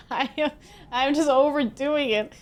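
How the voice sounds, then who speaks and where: Bubbly high-voiced Swedish woman streamer. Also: a little slow. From Sweden. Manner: bubbly, giggly, chatting with viewers. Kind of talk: casual gameplay streaming.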